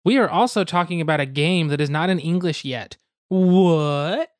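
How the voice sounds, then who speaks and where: A man's voice: fairly high pitch, normal speed, no echo, studio quality. Young man explaining game rules casually. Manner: goofy asides, hedging, explains rules step by step. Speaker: podcast host explaining board games.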